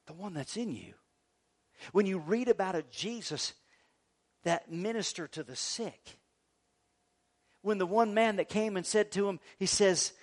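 A middle-aged male pastor preaching a sermon, swinging from quiet talk to loud shouted quotes. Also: sits high, measured pace, long pauses.

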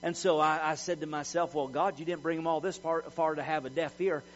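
A man's voice: fairly high pitch, fairly even intonation, brisk, soft background music. A middle-aged man preaching a sermon in an emphatic, folksy way, repeating words as he tells personal stories. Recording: dull lo-fi recording with mains hum.

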